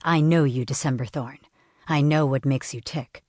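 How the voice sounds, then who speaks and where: A woman voicing a calm, teasing teenage boy, softer and quieter than her narration. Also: extremely low pitch, normal speed, no echo, studio quality.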